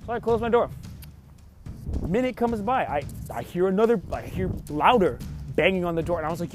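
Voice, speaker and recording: High-voiced young man, exasperated rant. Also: lively intonation, brisk, faint music behind. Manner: rambling, frustrated, swears often, heavy use of "like". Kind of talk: casual storytime monologue.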